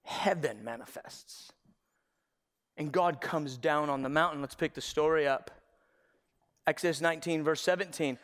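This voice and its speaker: A man preaching a sermon as pastor, telling a Bible story with animated delivery and acted-out voices and shouts. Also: on the high side, moderate pace, long pauses, in a large hall. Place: church sanctuary.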